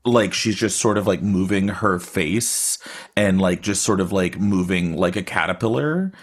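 A man's voice: sits low, a little slow. A man telling a story casually over a video call, rambling with lots of filler words. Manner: rambling, filler-heavy, frequent "like". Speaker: guest storyteller.

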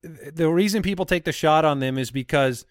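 Man, podcast host, casual chat, somewhat high voice, dry close sound. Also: no echo. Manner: leads the segment, reads names in a quick quiz.

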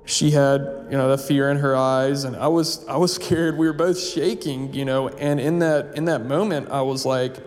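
In a steady, slightly mellow medium-pitched voice at a moderate pace, with hardly any pauses, a man recounts a personal story casually and meanderingly. Fillers like "like" and "you know" and restarts abound, and the audio carries long reverb and faint music.

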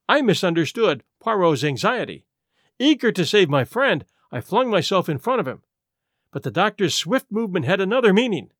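A man reading a story aloud in measured first-person narration. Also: high voice, big pitch swings, a bit bright, no echo, clean studio sound. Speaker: audiobook narrator.

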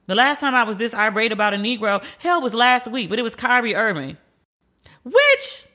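A woman riffing on TV and the news in a casual podcast. Her voice is bright and forward, and she delivers blunt, profane, incredulous takes in a middle-pitched voice.

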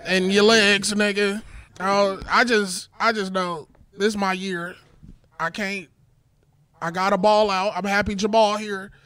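A man in his thirties doing a casual, joking stand-up set with a light, high voice. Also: flat delivery, measured pace, pushed and bright. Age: 30s. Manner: high light voice, loose and joking, swears a lot. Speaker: stand-up comedian. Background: small crowd laughing.

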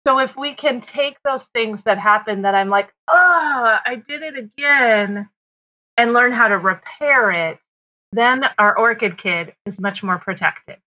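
A woman's voice: medium pitch, normal speed, sharp tone, highs cut off. A middle-aged woman psychologist, a podcast guest, explaining earnestly and checking in often with "right?". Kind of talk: casual conversation.

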